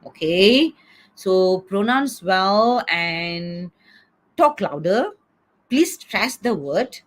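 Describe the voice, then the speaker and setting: Speaking very slowly in an expressive, medium-pitched voice, a middle-aged teacher gives an online lecture by video call. She coaxes the students along and checks in with "okay?" nearly every time she makes a point.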